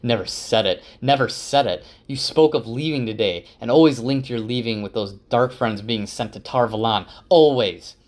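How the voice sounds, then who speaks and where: A man's voice: medium pitch, normal speed, hardly any pauses, lightly acted. A man as a stern hardened warrior. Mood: angry. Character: stern hardened male warrior, grim and controlled.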